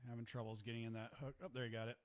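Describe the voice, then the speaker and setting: A man's voice: medium pitch, little pitch movement, very fast. A man giving live play-by-play commentary at a ninja competition, chatty and joking with his co-host.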